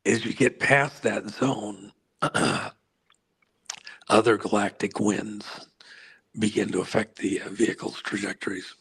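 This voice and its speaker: A man being interviewed as a guest, explaining at length while losing his voice, often clearing his throat and pausing on fillers. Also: lowish voice, steady tone, fairly bright tone, poor audio. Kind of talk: rambling explanatory interview answer.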